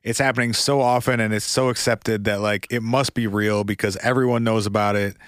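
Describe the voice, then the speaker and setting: A man co-hosting a podcast, talking in a measured way and reasoning things through aloud. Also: lowish voice, steady tone, fairly bright tone, dry recording, studio quality. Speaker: podcast co-host. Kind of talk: casual chat.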